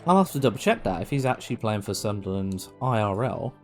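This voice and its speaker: A man's voice: lowish voice, big pitch swings, fast, faint music behind. A man doing casual, sweary live-stream commentary on a football management game. He talks to the players on screen and goes off on rants.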